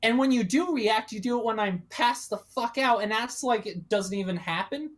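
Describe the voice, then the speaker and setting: Player doing an angry cursing monster woman, mid-pitch, pretty normal voice, in-character tabletop rp. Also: lightly acted. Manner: confrontational, swearing heavily. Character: bitter, volatile female monster who eats people. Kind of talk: in-character tabletop role-play.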